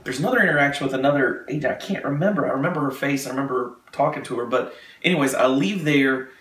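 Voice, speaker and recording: A man telling a personal anecdote in a casual, animated way, acting out the people in it. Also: medium pitch, quick pace, a little hiss or hum. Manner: animated, acts out the people in his story. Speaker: storyteller. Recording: roomy echo.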